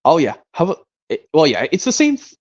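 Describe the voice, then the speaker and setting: Excitable rambling streamer, lively voice. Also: medium pitch, fast, dull audio. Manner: rambling, excitable, mild cursing. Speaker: streamer doing voice impressions. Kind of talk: casual rambling stream chat.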